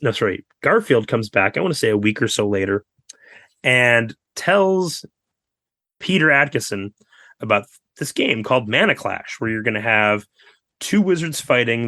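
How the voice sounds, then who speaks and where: Bright-voiced man telling a story. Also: medium pitch, no echo, clean studio sound. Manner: storytelling, animated, quick asides and fillers. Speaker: guest author. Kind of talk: casual podcast interview.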